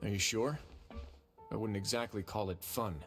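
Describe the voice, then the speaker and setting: A man's voice: lowish voice, moderate pace, a bit bright. An actor playing a composed, dryly wry male warden in a game. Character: composed, dry-humored male warden duke. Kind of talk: studio game voice acting. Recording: game audio with faint music.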